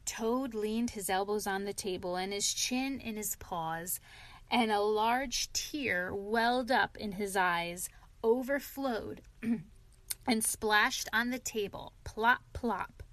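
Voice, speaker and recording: A woman reading a classic children's story aloud with slow, measured narration. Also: mid-range voice, a bit bright, no room sound. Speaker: reader.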